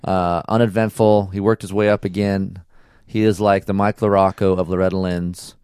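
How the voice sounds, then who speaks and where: Man, low voice, casual podcast chat, laid-back slangy storytelling, dry close sound. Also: little pitch movement, moderate pace, darkish tone, clear, resonant tone, no room sound. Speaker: podcast host.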